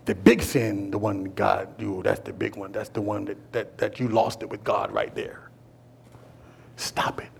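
A man preaching a sermon as pastor, animated and folksy, swinging between loud and hushed delivery with playful asides to the congregation. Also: on the low side, moderate pace, vocal fry, hardly any pauses, a little hiss or hum.

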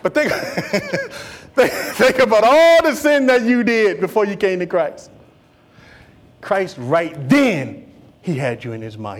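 Animated high-voiced male preacher. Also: takes it slowly. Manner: animated preaching, swinging from loud to whispered; folksy, playful asides to the congregation. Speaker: pastor. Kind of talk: sermon.

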